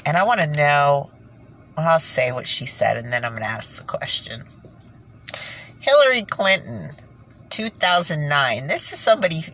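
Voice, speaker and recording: A woman with a low voice rants indignantly to her viewers in a slow, dragging delivery. Sighs and nervous laughs break up her talk, and a faint hiss of noise sits under the recording. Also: a bit bright, low-quality recording. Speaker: vlogger. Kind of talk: casual monologue to camera.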